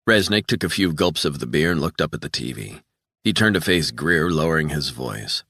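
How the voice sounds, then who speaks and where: A man narrates an audiobook in an even, measured way. His voice is very low yet bright and forward. The recording is close and dry. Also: husky, no room sound. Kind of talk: scripted narration.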